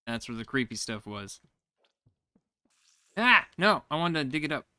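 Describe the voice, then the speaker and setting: A man giving casual commentary as he plays a game, talking to himself, often confused and quickly frustrated. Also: clean tone, no echo. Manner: jumps to high excited exclamations when surprised. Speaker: gaming YouTuber. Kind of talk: casual let's-play commentary.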